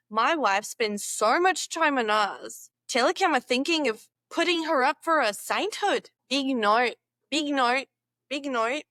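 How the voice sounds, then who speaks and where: A woman's voice: on the high side, lively intonation, unhurried, a bit bright, no room sound. A young woman vlogger reads slang entries aloud, repeating words playfully and giggling as she tries them out. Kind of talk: reading slang aloud and trying an accent.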